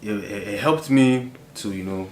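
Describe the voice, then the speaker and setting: A young man with a Nigerian accent and a very low voice talks easily in an interview, laughing often and leaning on fillers. The room is echoey, with a faint hum behind him. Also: normal speed, darkish tone. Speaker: interview guest. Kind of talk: casual interview chat. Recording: roomy echo.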